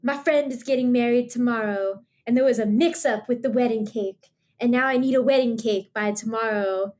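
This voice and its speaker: Woman doing a Southern belle in a fluster, slight American Southern accent, theatrical and pleading, pitched a little high. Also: moderate pace, a little mellow, close to an everyday voice.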